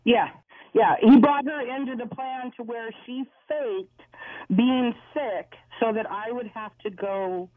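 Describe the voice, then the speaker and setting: A woman's voice: fairly high pitch, a little slow, no room sound. A woman in her forties calling a radio show, telling an exasperated, indignant story about her family. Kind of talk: phone-in storytelling. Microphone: telephone. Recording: tinny phone line.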